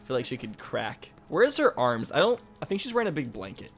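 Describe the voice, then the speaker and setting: A man's voice: medium pitch, very animated, fairly quick, fairly bright tone, soft background music. A man co-hosting a casual gaming chat, goofy and jokey, laughing often. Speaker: co-host.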